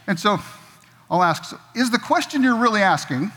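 A man's voice: high voice, sing-song, moderate pace, fairly bright tone, slight background noise. A middle-aged man preaching a sermon in a church, conversational and jokey, slipping into quoted voices. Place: church sanctuary. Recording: long reverb of a church hall.

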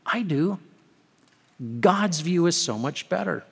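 A man's voice: sits high, animated, slow pace, vocal fry, slightly rough. A man preaching a sermon, telling a personal story with humorous asides and building to emphatic declarations. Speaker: pastor. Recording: long hall reverb.

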